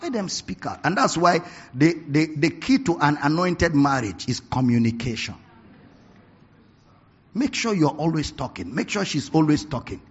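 A man preaching a sermon, telling stories with animated bursts of laughter and shouting. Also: a little high, normal speed, breathy edge. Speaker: pastor. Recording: dull lo-fi recording.

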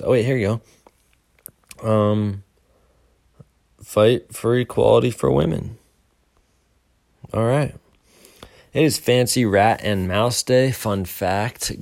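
A man's voice: lowish voice, gravelly, darkish tone. A young man hosting a casual morning show, rambling upbeat with self-deprecating asides. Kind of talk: casual solo podcast talk.

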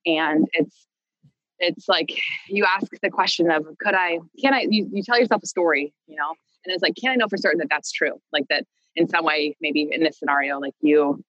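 A woman's voice: deep voice, normal speed, a bit bright, no room sound, highs cut off. A young woman speaking as a podcast guest, telling a personal story in a loose, rambling way full of fillers, restarts and light laughs. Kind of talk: casual conversational storytelling.

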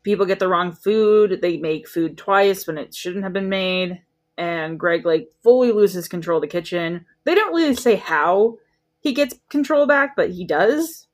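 A woman's voice: lowish voice, a little slow. A woman co-hosting a casual podcast, recapping a show in a breezy, sarcastic way with swearing. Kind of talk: casual chat.

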